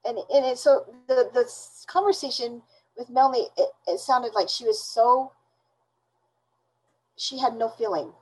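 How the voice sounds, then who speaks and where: A woman being interviewed, recounting events in a halting, indignant way with many restarts. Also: on the high side, slightly rough, low-quality recording. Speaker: interview guest.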